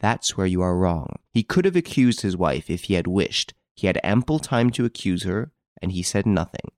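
A man reading the lines of a calm, composed gentleman who quietly takes charge, with a gentle, insinuating manner. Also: sits low, moderate pace, no room sound, clean studio sound. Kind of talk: audiobook character reading.

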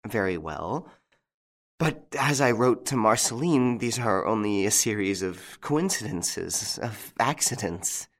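A man's voice: on the low side, lively intonation, slow, a bit bright, full character voice. A man reading an audiobook, voicing an anxious, frightened young French woman from a country estate in a raised voice. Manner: anxious, breathless and pleading.

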